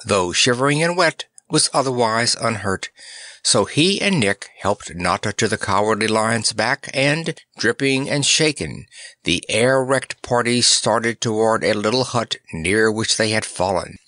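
A man narrating a children's audiobook in a measured, expressive way. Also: fairly low pitch, no room sound, clean studio sound.

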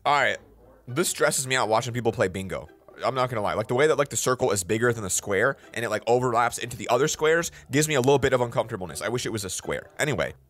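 This young man, medium-pitched and fast-talking, addresses his viewers directly in a reaction video. His chat is casual, animated and full of jokes and slang.

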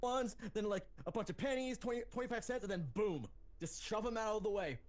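A woman's voice: medium pitch, a little fast, darkish tone. A woman chatting with friends over voice chat during a game stream, dry and teasing.

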